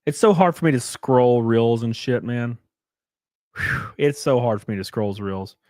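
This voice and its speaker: A man's voice: mid-range voice, measured pace, darkish tone, dry recording, studio quality. A man streaming live, reading chat messages and riffing sarcastically with plenty of swearing and mocking voices.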